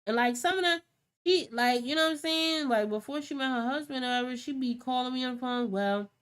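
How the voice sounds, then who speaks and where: Chatty animated woman host. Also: high-pitched, fast, clear, resonant tone. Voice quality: animated storytelling, acts out quoted talk. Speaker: art channel host; mother. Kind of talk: casual chat during a painting stream.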